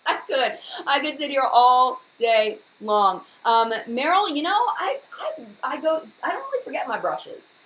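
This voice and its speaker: A woman's voice: high-pitched, a bit bright, slight background noise, poor audio. A woman hosting a casual live-stream makeup chat, gushing and enthusiastic, often repeating herself. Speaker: beauty vlogger, live chat host.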